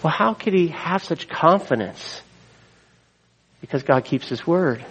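A man's voice: on the high side, lively intonation, measured pace, fairly bright tone, slightly rough, low-quality recording. A middle-aged man preaching a sermon, earnest, weaving in scripture quotes and asides. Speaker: pastor.

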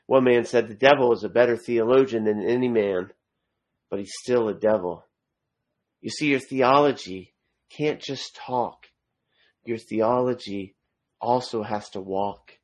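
A man's voice: medium pitch, measured pace, a little mellow. A man preaching a sermon, reading scripture aloud and stressing key phrases by repeating them.

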